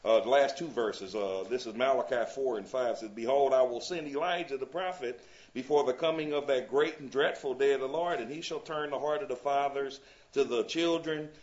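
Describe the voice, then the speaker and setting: A man leading a Bible study, speaking at a middling pitch as he works through scripture. He reads passages aloud and keeps turning to his group to ask if they follow. The recording is slightly dull and muffled. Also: brisk, darkish tone. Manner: reads scripture aloud and checks in with "you see?". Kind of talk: teaching a Bible class.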